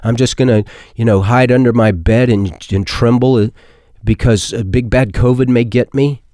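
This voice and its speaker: A man's voice: medium pitch, fairly even intonation, normal speed, warm tone, no echo, lightly acted. A timid, fretful man who lists every reason to stay shut indoors, as a preacher mocks him. His voice is plain and dry, with no room sound. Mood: mocking fearful. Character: fearful man cowering at home.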